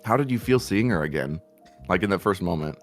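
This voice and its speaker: A man streamer chatting casually about a trip, animated and teasing as he asks questions. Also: low voice, a little fast. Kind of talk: casual chat. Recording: faint music behind.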